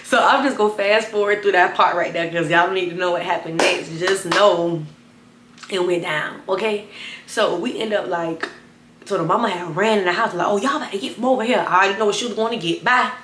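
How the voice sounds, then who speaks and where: Young woman spilling a storytime to the camera, chatty and animated, echoey room, light background hum. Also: brisk. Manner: animated, addresses viewers as y'all, bursts of high excited retelling. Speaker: storytime vlogger.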